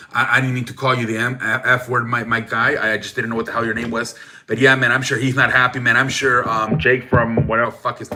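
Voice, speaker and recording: A man's voice: medium pitch, sharp tone. A young man hosting a sports show, rambling in a profane, casual rant full of restarts and "man" tags.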